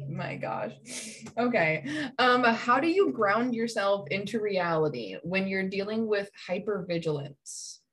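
Young woman host, casual conversation, chatty storyteller, mid-range pitch. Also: expressive, fairly bright tone. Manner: chatty, laughs along, tells quick stories.

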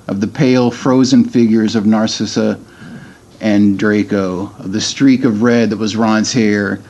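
A man's voice: fairly low pitch, darkish tone. A middle-aged man, a podcast guest, chatting casually and reading a book aloud, hesitant with many ums and restarts.

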